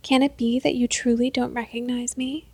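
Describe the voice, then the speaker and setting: A woman voicing a proud, vengeful princess who speaks calmly and with quiet menace. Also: moderate pace, breathy edge, dry recording. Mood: cold, taunting. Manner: calm, taunting, low and menacing.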